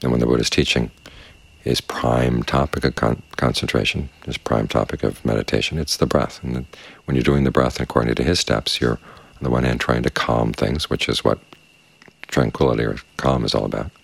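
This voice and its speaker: Very deep gravelly calm meditation teacher. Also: male voice, no room sound. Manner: calm, measured, unhurried. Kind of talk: dharma talk. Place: quiet meditation space with crickets outside.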